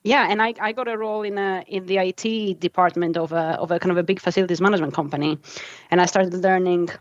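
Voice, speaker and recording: A woman's voice: on the low side, fairly even intonation, fast, no room sound, dull audio. A woman around forty from Greece with a Greek accent, a guest telling her story in casual chat with many ums.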